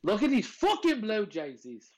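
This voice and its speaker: A man's voice: sits high, wildly swooping pitch, normal speed, a little mellow, rough recording. A man co-hosting a sports podcast in casual chat, brash and riled up, with plenty of cursing. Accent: put-on accent at times. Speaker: podcast co-host.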